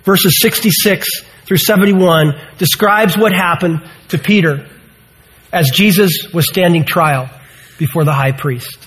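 A man's voice: high voice, unhurried, a bit bright, low-quality recording. A man in his sixties preaching a sermon, earnest and emphatic, full of rhetorical questions. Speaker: pastor.

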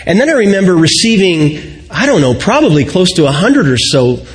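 A middle-aged man preaching a sermon, telling stories reflectively and slowing and softening on key points. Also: sits high, big pitch swings. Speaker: pastor.

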